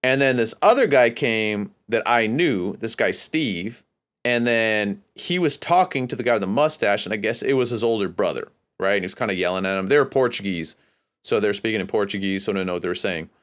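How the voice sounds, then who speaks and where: A podcast host from California, USA tells a long, rambling, profane story in a laid-back, casual way. His voice is lowish and a bit bright, with lively intonation and a brisk pace.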